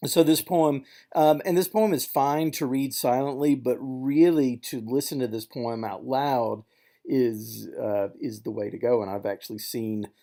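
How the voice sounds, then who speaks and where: Male instructor, mellow voice, relaxed recorded lecture, thinking aloud with fillers. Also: medium pitch, measured pace. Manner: relaxed, thinking aloud with fillers, taps out rhythms with nonsense syllables. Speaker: literature instructor.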